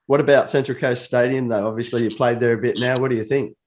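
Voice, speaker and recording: A man's voice: mid-range voice, steady tone, fast. Male interviewer, middle-aged, playful and self-mocking, mid-range voice. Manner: jokey, self-deprecating questioner. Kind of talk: casual interview chat.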